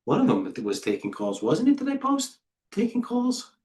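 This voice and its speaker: A middle-aged man, head trader and market coach, runs live trading stream commentary in a high voice with wildly swooping pitch and a darkish tone, at a moderate pace. He's blunt and rambling about the stocks, often stopping mid-sentence.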